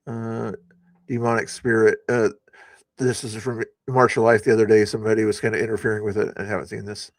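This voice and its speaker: A man's voice: lowish voice, little pitch movement, fairly quick, dry recording. A man hosting a casual news commentary stream, talking loosely with many fillers and restarts. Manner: rambling, lots of fillers and restarts. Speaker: stream host.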